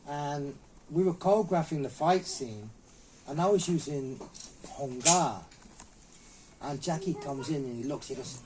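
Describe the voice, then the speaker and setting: A middle-aged man, a martial artist guest, tells anecdotes in an interview with a slightly high voice. He acts out quoted lines in a raised, lively way. Faint background noise sits under the recording. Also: measured pace. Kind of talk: anecdotal storytelling.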